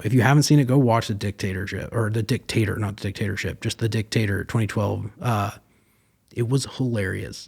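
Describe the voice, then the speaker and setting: A man's voice: lowish voice, a little mellow. Rambling, profane young man talking movies. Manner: rambling, profane, filler-heavy. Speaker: podcast host. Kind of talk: casual solo commentary.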